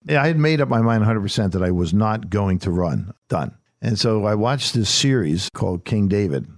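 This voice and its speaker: An older man with a low, gravelly voice tells stories in a folksy, emphatic way. He is a guest on an interview show, and the sound is dry and close with no room around it. His delivery stays casual and conversational. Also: animated, moderate pace, dry recording. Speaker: political candidate, guest.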